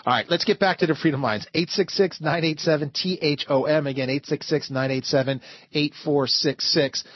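Talk radio host, man, slightly high voice, stammering, dry close sound, muffled broadcast. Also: brisk, no room sound. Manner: stammering, repeats words while building arguments.

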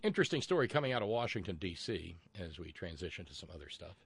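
A man's voice: low voice, big pitch swings, fast, gravelly, breathy edge, no room sound. A man hosting a call-in radio talk show, chatty and rambling with many fillers and restarts, and wry asides.

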